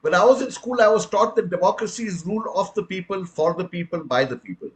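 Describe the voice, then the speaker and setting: An older Indian man with a slightly high voice gives an earnest public lecture. He stresses key points emphatically and addresses his listeners as friends, in an Indian English accent. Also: quick pace, poor audio. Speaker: speaker on the right to information, retired commissioner.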